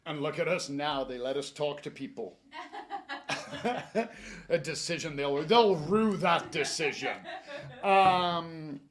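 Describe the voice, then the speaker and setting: A man's voice: fairly high pitch, slow pace. Garden store staffer, man, casual and jokey presenter. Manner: chatty, joking, animated advice.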